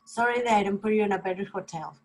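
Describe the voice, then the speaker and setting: Husky-voiced woman telling a story on a video call. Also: mid-range voice, fast talker, low-quality recording. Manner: animated, laughing storyteller acting out quotes.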